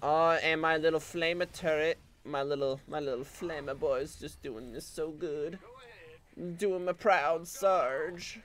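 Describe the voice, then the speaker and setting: A man's voice: on the high side, fairly even intonation, moderate pace, hardly any pauses, fairly bright tone. A man giving casual, sarcastic commentary while he plays a game, swearing and breaking into goofy exclamations. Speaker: game streamer.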